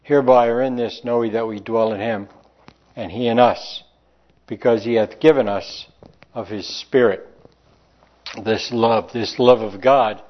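A man preaching a sermon, reading old-style scripture aloud and slowing down to stress key phrases. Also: mid-range voice, lo-fi sound.

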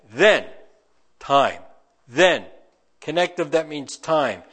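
A man's voice: a little high, animated, unhurried, pauses often. A man reading scripture aloud verse by verse and breaking off to comment on it in a folksy way. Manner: reads scripture then breaks in with folksy asides. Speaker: Bible teacher.

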